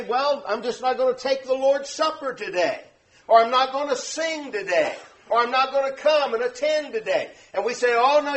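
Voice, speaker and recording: A man preaching a morning lesson, earnest and explanatory, stressing key words. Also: very high-pitched. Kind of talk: sermon lesson.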